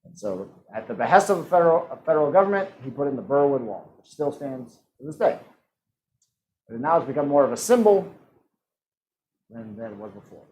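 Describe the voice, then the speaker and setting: A man hosting a live-streamed trivia game, reading out questions and answer choices with quick jokes and frequent laughs. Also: mid-range voice, big pitch swings, a little mellow, slight background noise, low-quality recording. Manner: jokey, laughs often, reads out multiple-choice options. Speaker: trivia host.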